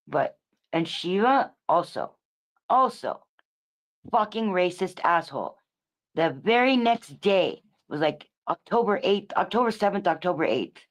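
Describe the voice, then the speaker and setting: In a fairly low voice with lively intonation, a livestream host rants casually and a little slowly. She swears, rambles, keeps correcting herself by restarting words, and moves between emphatic lines and muttered asides.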